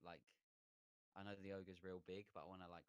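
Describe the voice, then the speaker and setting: A man's voice: deep voice, flat delivery, brisk, smooth, no room sound. A man playing a tabletop game, talking through his character's actions with hesitant fillers. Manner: hesitant, thinking aloud with fillers. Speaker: player.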